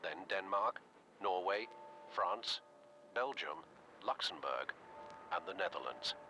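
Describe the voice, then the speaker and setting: A man delivering grave, measured scripted narration for a war game's intro. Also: low voice, expressive, bright, forceful tone, a little hiss or hum, heavily acted.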